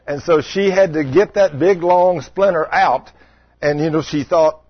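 A man's voice: fairly high pitch, moderate pace, slightly rough, no room sound. A middle-aged man preaching a sermon, telling stories in a folksy, conversational way and putting questions to the congregation. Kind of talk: sermon with storytelling. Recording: dull lo-fi sound.

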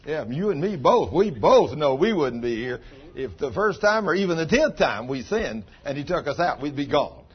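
This man's voice is a little high and husky, swinging widely in pitch as he speaks at normal speed with few pauses. He's a pastor giving a chatty, homespun sermon and poking fun at congregants by name, captured in dull audio with faint background noise.

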